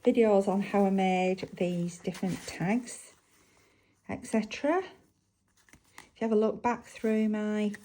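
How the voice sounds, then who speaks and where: This crafting vlogger, an Englishwoman with a Lancashire accent, talks casually while crafting, musing aloud and asking viewers questions. Her medium-pitched voice is mellow and steady, slow with long pauses, captured on a low-quality recording.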